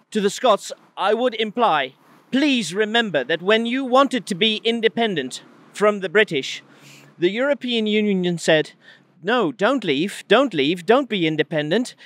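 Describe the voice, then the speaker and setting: Man, Dutch accent, emphatic and dramatic address, slightly high pitch. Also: a bit bright, no echo. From Netherlands. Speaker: speaker addressing the British. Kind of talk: earnest political address.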